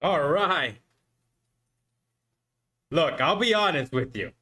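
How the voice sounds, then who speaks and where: A man's voice: on the high side, lively intonation, slow, pushed and bright. A man streaming live futures trading who talks to himself, swears and pleads with the market, exasperated at his own mistakes. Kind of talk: live trading commentary to viewers.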